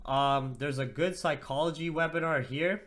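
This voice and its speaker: A man's voice: on the high side, moderate pace, a bit bright. Tired, slangy man hosting a trading stream. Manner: profane, slangy, chats with viewers as "bro". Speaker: trading livestream host. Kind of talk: casual livestream market commentary.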